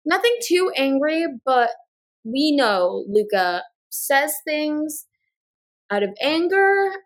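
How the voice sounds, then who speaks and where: In a high, sing-song voice, a female podcast co-host rapidly recaps a reality show in relaxed conversation. She performs the cast members' lines as she quotes them.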